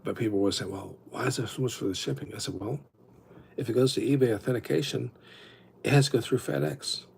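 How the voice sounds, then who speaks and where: A man's voice: medium pitch, fast, gravelly, a little mellow, slight background noise. A man hosting a livestream, telling rambling stories with lots of restarts in a casual chat. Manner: rambling, self-interrupting storyteller. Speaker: livestream host.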